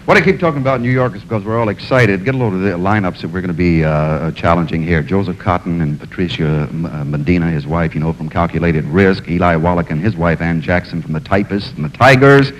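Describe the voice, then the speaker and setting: A man hosting a 1960s television game show, briskly announcing scores and players. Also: sits low. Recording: noisy 1960s broadcast audio.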